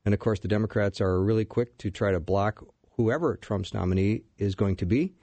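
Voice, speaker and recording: A man hosting a political radio talk show, briskly leading the segments and saying "uh" often. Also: on the low side, mellow, no room sound.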